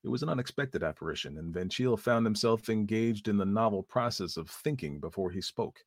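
A man reading a story aloud as narrator in a measured, even manner. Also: fairly low pitch, no echo, studio quality.

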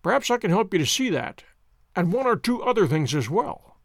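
A man's voice: high voice, very animated, a little fast, creaky, no room sound, clean studio sound, heavily acted. A man reading a story aloud, voicing a poised, theatrical detective who speaks with precise courtesy. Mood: composed. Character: poised, theatrical male detective, fond of pomp. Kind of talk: audiobook character voice.

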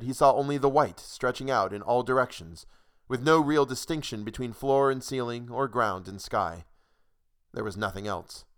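A man narrating a short story in a measured, dry reading voice. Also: medium pitch, fairly bright tone.

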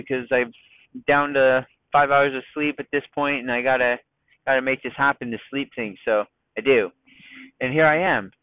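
Male podcast host, mid-pitched, rambling and self-mocking, deliberately calm delivery; dry, tinny phone-like recording. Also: no echo. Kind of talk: casual solo podcast monologue. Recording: dry, thin phone-like sound.

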